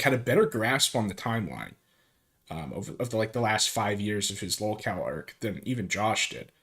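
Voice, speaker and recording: A man's voice: medium pitch, a bit bright. Amused man giving casual reaction commentary. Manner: amused, loose, laughs often. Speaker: streamer commenting on a call-in show.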